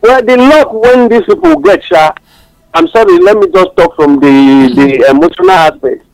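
A Nigerian-accented man talks passionately on a radio show, moving between English and Pidgin as he tells stories. His voice sits high and swings widely in pitch. It has a gravelly texture and a dry studio sound, with faint music underneath. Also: sing-song, normal speed, darkish tone, no room sound, rough recording. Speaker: radio commentator. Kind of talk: animated radio talk-show commentary.

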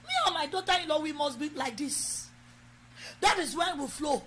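Nigerian woman preacher, very high and bright, emphatic exhortation, faint hum behind. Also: expressive, moderate pace. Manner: emphatic, exhorting, switches into Yoruba. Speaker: preacher leading prayer. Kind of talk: sermon with prayer over a live stream.

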